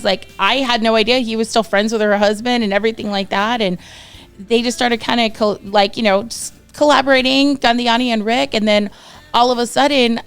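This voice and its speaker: Woman, Texan accent, thirties, singer guest, smooth clear voice, animated storytelling with acted-out quotes, faint music in the background. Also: fairly high pitch. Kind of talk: casual storytelling interview.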